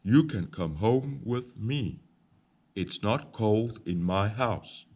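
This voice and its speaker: A man voicing a kind grown man who speaks gently in a storybook reading. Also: on the low side, lively intonation, slow pace, husky, heavily acted. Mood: gentle.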